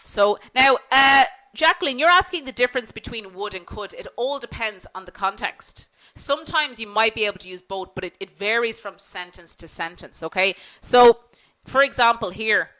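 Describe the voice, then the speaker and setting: A woman's voice: fairly high pitch, expressive, moderate pace, pushed and bright, rough recording. A woman teaching an online business English class, polite and encouraging, acting out example phone phrases.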